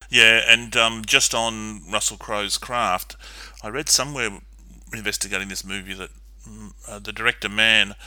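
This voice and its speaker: A man with a somewhat low but very bright, sharp voice co-hosts a film podcast, walking methodically through the plot with the odd um. The sound is dry and close to the mic. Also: moderate pace, no room sound. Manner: steady, methodical recapping with filler ums. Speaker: podcast co-host. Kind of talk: casual film discussion and plot recap.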